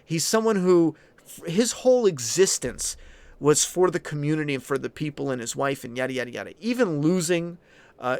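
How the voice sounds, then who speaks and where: A man's voice: a little high, clear, resonant tone, dry recording. A man hosting a casual opinion commentary, answering viewer chat in a blunt, ranting way with frequent swearing. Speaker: channel host.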